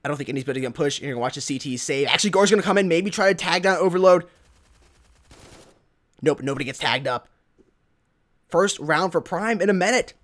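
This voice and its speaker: High-pitched excitable young American caster. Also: male voice, quick pace, pauses often. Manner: excitable, rising to shouts on big plays; chatty asides thanking donors. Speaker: esports caster. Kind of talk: live game commentary.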